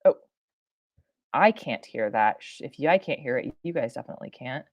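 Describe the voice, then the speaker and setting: This science streamer has a rumbling low, expressive woman's voice, speaking at a normal speed on a dry recording during a live-stream reaction. Her chat meanders with plenty of fillers, laughs, and moments where she cuts herself off and starts again.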